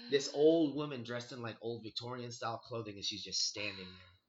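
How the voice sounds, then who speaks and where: A man's voice: medium pitch, fairly quick, muffled recording, crowd noise. A young man casually telling a friend a scary story from his past, swearing freely and acting out his own reactions.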